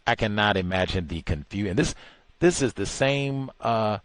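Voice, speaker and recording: A man hosting a talk show, giving casual, exasperated commentary that swings from low mutters to incredulous high outbursts. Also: animated, moderate pace, fairly bright tone, no echo.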